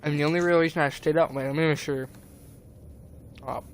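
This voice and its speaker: A man's voice: fairly high pitch, steady tone, brisk, slight background noise. A young man streaming, rambling and agitated as he retells a falling-out, with lots of fillers and restarts. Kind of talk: casual stream chat, retelling a conversation.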